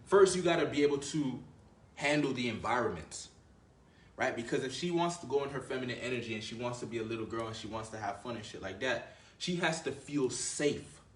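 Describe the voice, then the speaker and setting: A man's voice: mid-range voice, expressive, a little fast, echoey room. A man giving blunt, profane dating advice in a casual monologue, with a swaggering manner and lots of filler words. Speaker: dating coach.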